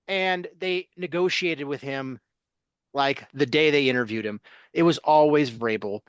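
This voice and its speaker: A man co-hosting a sports talk podcast, speaking bluntly and casually, listing names in a steady run. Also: a little high, a little slow, smooth, no room sound, muffled recording.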